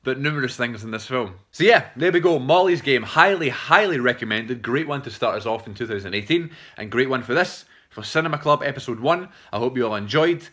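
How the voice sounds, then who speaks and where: Bright-voiced man rambling a film review. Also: mid-range voice, animated, a little fast, hardly any pauses. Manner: chatty and rambling, swears freely, many fillers and restarts. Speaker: film reviewer, channel host. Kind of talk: casual unscripted film review.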